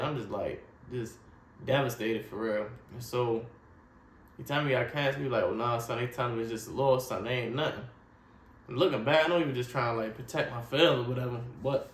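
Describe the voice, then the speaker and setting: A man's voice: mid-range voice, a bit bright. A man earnestly telling his life story in short, heartfelt phrases, often asking "you know what I mean". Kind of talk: personal testimony, casual storytelling. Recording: echoey room with faint ambient noise.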